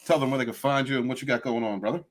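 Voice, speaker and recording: Um homem apresentando um podcast, animado, chamando os convidados de irmão. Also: male voice, mid-range voice, very fast. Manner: upbeat, calls guests brother. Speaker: podcast host. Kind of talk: casual podcast hosting.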